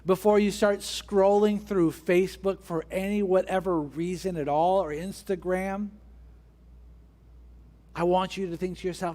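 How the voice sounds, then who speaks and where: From the pulpit, a pastor with a somewhat high voice delivers a sermon at an unhurried pace and with fairly even intonation. He drives his point home through repeated rhetorical questions, his emphasis building as he goes.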